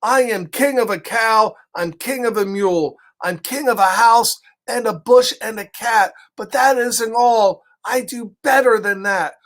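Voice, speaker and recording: A man voicing a bossy, boastful male turtle king, loud and commanding as he reads a storybook aloud. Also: high voice, a little slow, few pauses.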